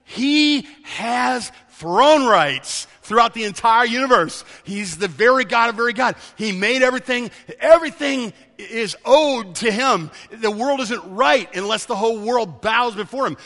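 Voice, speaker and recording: A man's voice: very high-pitched, expressive, unhurried, vocal fry, hardly any pauses, sharp tone, long reverb tail. A male pastor preaching a sermon, emphatic and repeating key words for stress.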